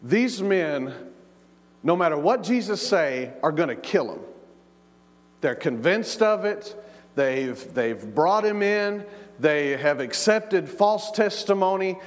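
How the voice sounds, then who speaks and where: A man's voice: a little high, lively intonation, slow pace. A man preaching a sermon as pastor, emphatic, repeating his words and acting out the quoted lines. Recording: long reverb of a large hall.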